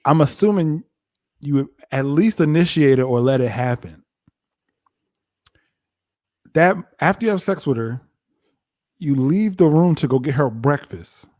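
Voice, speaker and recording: A man's voice: fairly high pitch, normal speed, dry recording, clean studio sound. A man co-hosting a casual reality TV recap, animatedly acting out what the people on the show said. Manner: animated, acts out both sides of scenes. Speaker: podcast co-host.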